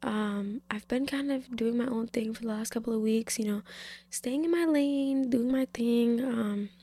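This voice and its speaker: A young woman giving an emotional personal faith testimony in a casual way, soft-spoken, often dropping to a whisper, with many fillers, tearful. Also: a little high, unhurried, dry recording.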